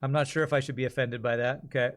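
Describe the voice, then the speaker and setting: A man's voice: medium pitch, flat delivery, rapid-fire. A man streaming and chatting casually, often restarting and rambling between thoughts. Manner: rambling, self-correcting, chatty.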